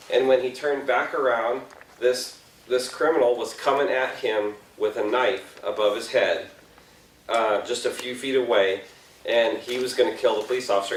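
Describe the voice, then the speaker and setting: A middle-aged man with a mid-range voice gives a storytelling talk to a youth group as a confirmation speaker, poking fun at himself, chuckling often, and asking the audience questions. He sounds far off in an echoey room, with slight background noise.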